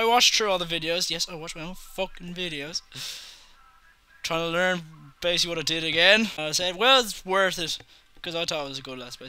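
An excitable man narrating his own gameplay, with a high, very bright voice that swoops all over the place. His tone is smooth and clear, and he breaks into loud, sweary outbursts. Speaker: let's play host. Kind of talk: video game commentary.

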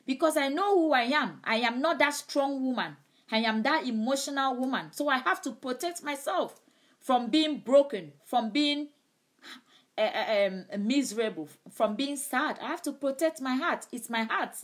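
A woman's voice: high voice, expressive, moderate pace. A woman preaching in a live-streamed sermon, emphatic, and often repeating her key phrases.

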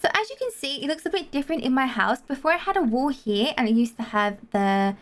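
A woman with a slightly high voice talks her way through a game tour in a loose, chatty manner. She is excitable and quick to gasp or giggle, her sentences tumbling out as she goes. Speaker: gaming video host. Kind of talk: casual gameplay tour chat.

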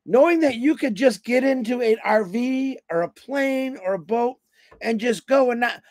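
On a company livestream, a fifty-something motivational speaker tells rambling, folksy road-trip stories, acting out quoted voices. His voice is very high, animated and a little mellow, at normal speed, with no room sound.

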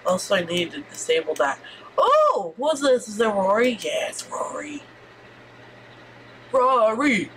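A woman streamer giving excitable let's-play commentary, squealing and swearing as she reacts. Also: mid-range voice, a little slow, pauses often, a little hiss or hum.

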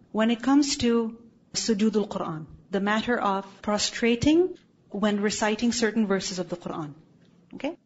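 This lo-fi classroom recording captures a woman with a slightly high, somewhat mellow and slightly rough voice. Teaching Islamic studies, she lectures and asks questions, correcting firmly and checking often that her students keep up.

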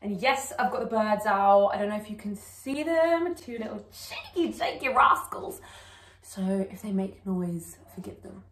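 A young woman with a mid-range voice and lively intonation reacts to a video at home, chatting casually in an unhurried way while joking and swearing freely. She's a YouTube reactor doing casual reaction vlog chat. The distant mic gives a roomy sound, with faint music behind her.

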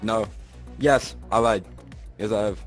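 A man's voice: on the low side, unhurried, faint music behind. A man being interviewed as a player, casual and boastful, who laughs through his story, recorded on a headset mic.

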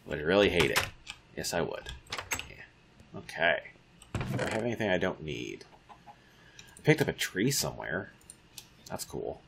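A man's voice: low-pitched, very animated, a little slow, gravelly, long pauses, fairly bright tone, slight background noise. A man giving casual let's-play commentary, muttering to himself and taunting the creatures in the game. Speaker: gamer.

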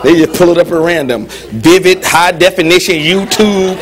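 A man preaching a lively, humorous sermon as pastor in a church, with call-and-response. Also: sits high, moderate pace, background noise. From United States.

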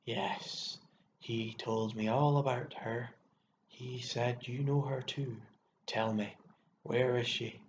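A man voicing a rough, passionate, jealous country woman with a hollow, mannish voice in an audiobook. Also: mid-range voice, steady tone, slow pace, a little hiss or hum, close to an everyday voice. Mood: intent. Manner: rough, pleading and fierce. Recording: echoey room, dull lo-fi sound.

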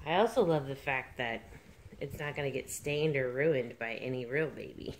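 A woman's voice: extremely low pitch, normal speed. A woman hosting a doll vlog, gushing and cooing over tiny outfits and cracking jokes. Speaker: reborn doll channel host. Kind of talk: casual vlog chat.

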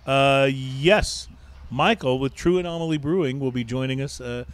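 A man's voice: mid-range voice, moderate pace, clear, resonant tone. A man co-hosting a casual show, easygoing, thanking people and plugging upcoming episodes. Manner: easygoing, wraps up with thanks and plans. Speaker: podcast co-host. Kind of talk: casual chat. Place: bar or taproom.

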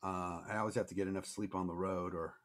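A man with a fairly low voice hosting a casual live interview. He mostly chimes in with short, encouraging interjections while his guest talks. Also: level tone, fast talker. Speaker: show host.

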